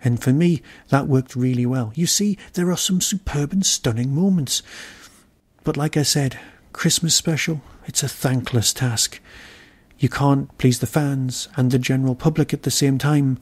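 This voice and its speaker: A man from Britain hosts his own podcast, reviewing an episode alone. He muses aloud, wry and a little grumpy at himself. His voice sits at an ordinary middle pitch. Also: a little slow, slightly rough. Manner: wry, musing, self-deprecating grumbling. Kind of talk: solo review monologue.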